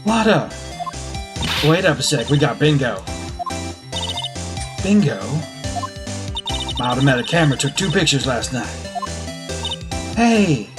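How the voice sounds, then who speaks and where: A woman's voice: low voice, very animated, measured pace, long pauses. A woman voicing a brash young female photographer with a folksy Southern US drawl, reading a game's dialogue aloud. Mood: sassy. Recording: game music behind.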